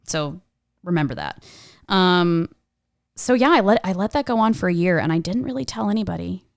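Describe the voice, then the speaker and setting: Frank, animated young woman storyteller. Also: fairly low pitch, normal speed, gravelly, no room sound, clean studio sound. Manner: animated, frank, swears and laughs while telling a story. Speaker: podcast co-host. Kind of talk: casual personal storytelling.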